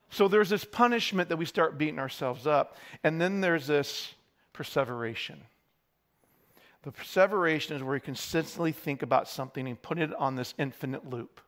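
High-voiced man preaching a sermon. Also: brisk, fairly bright tone. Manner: candid, self-deprecating storytelling.

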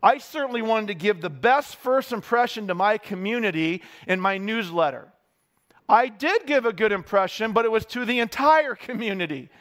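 High-voiced man preaching a sermon. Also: animated, normal speed, fairly bright tone. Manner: candid, self-deprecating storytelling.

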